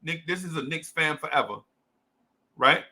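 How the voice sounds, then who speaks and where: An animated young host from New Jersey speaks at moderate speed, voice high and bright with a forceful tone. His casual fan livestream about sports is slangy, repetitive, and full of hype, delivered in a Jersey accent.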